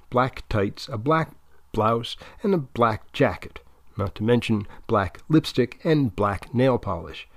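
A male narrator reading a novel in a steady, even way, at a middle pitch. The sound is close and dry, with no room echo. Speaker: audiobook narrator. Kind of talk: scripted narration.

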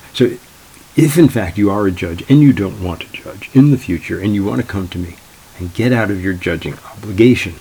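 A man's voice: lowish voice, darkish tone, husky, poor audio. A man, a tournament organizer, telling anecdotes in a wry, dry, exasperated way. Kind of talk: anecdotal storytelling.

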